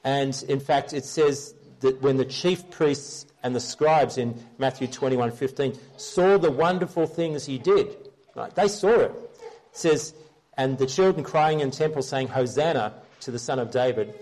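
A man's voice: medium pitch, a little slow, darkish tone. Earnest conversational male preacher. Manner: earnest, explains scripture and checks in with listeners. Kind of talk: conversational Bible teaching sermon.

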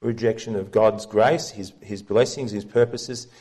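A man preaching a sermon as pastor, teaching from the Bible in an earnest, measured way. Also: lowish voice, fairly even intonation, mellow.

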